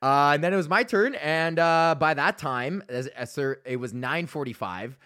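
Bright-voiced profane comedian host. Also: male voice, on the high side, animated, normal speed, smooth. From Alberta, Canada. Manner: rambling, profane, laughs at his own stories. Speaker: podcast host and stand-up comedian. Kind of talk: casual storytelling monologue.

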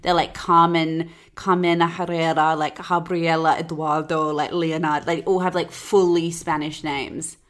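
A low-voiced woman hosts a casual podcast, dishing gossip with chatty sarcasm. She fills her sentences with "like". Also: flat delivery, unhurried, few pauses, a bit bright. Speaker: podcast host.

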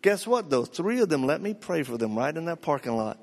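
An older man delivers a live sermon, his voice pitched a little high for a man. He tells stories with lively energy, slipping into the voices of the people in them. A long hall reverb trails behind each phrase. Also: fairly quick, gravelly. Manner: animated, acts out dialogue in his stories. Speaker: preacher. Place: large hall before a live audience.

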